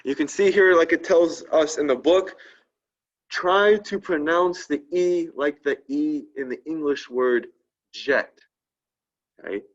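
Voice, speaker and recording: Man, French teacher, slightly high voice, keeps asking "right?", slow repeated example words, muffled lo-fi audio. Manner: tags sentences with a questioning "right?". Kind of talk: classroom lesson. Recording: dull lo-fi recording.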